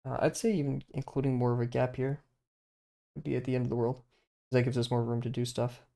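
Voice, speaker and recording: Mellow-voiced man thinking aloud while drawing. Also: mid-range voice, flat delivery, fast, gravelly. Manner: rambling, hesitant, many fillers and restarts; self-deprecating, laughs easily. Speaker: streamer learning to draw.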